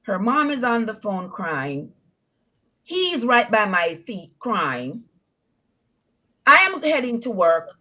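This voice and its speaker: A woman calls in to tell her own story with lots of animation, laughing as she goes. Her pitch rises and falls widely as she acts out what people said. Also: very animated, slow pace, long pauses, bright, forceful tone. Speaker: caller. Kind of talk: call-in storytelling.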